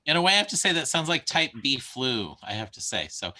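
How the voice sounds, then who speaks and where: A man's voice: medium pitch, very animated, brisk, pushed and bright. A man hosting a casual live stream chat, talking earnestly and rambling a little, often trailing off between thoughts.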